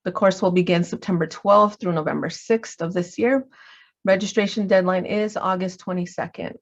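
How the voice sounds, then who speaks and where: A woman from New Mexico opens a webinar, reading announcements in an even, measured way. Her voice sits a little low, and the lo-fi call audio dulls its edges. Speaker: webinar host. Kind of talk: scripted webinar introduction.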